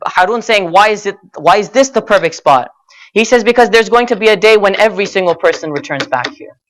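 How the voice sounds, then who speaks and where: A man's voice: high voice, lively intonation, a little fast, fairly bright tone. A young man giving a sermon at a religious gathering, earnest and direct, calling the listeners brothers and sisters and often saying "you know" as he tells a story. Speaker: speaker at a Muharram gathering.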